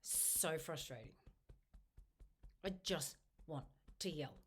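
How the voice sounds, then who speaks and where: Low-pitched woman, instructor leading a self-help tapping routine, steady repeated phrases. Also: husky. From Australia. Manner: slow repetitive affirmations, first person. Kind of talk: guided tapping script spoken aloud.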